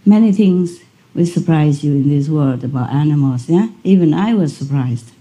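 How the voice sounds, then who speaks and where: Speaking to an audience, a spiritual teacher delivers a conversational lecture in a mellow, fairly low-pitched voice. She tells a story along the way and laughs frequently.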